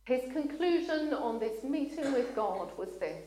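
A woman's voice: high-pitched, big pitch swings, dark tone. A woman preaching a sermon, speaking earnestly and at times choking up and apologizing. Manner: earnest, gets emotional and pauses to apologize. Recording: echoey room.

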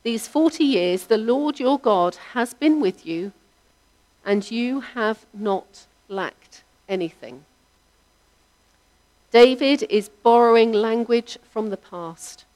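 A woman preaching a sermon, in a measured, reflective delivery whose line ends trail off softly. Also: fairly high pitch.

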